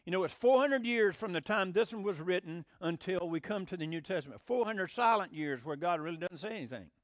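A man's voice: high voice, animated, a little fast, dry recording. A man preaching a folksy, emphatic sermon and acting out the voices he quotes. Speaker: pastor.

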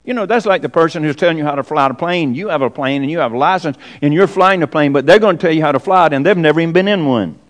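A man preaching a sermon with animated delivery, rhetorical questions and emphatic repetition. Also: a little high, quick pace, few pauses.

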